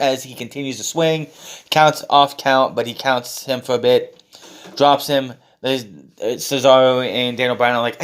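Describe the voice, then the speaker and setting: A man's voice: mid-range voice, measured pace, fairly bright tone, clear, resonant tone. A man recapping a show in a casual, blunt and sarcastic way, with swearing and filler words. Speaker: wrestling show reviewer.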